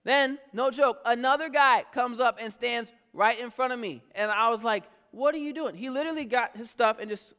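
A man in his thirties giving a casual, joking sermon as pastor, animated and conversational. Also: very high-pitched, normal speed, few pauses, clear, resonant tone. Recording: reverberant hall.

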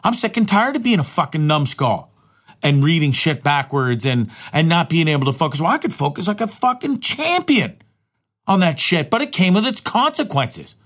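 A man's voice: on the high side, big pitch swings, moderate pace, fairly bright tone. A middle-aged man vlogging a candid personal monologue, rambling and swearing heavily, often restarting his words. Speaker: vlogger and live streamer.

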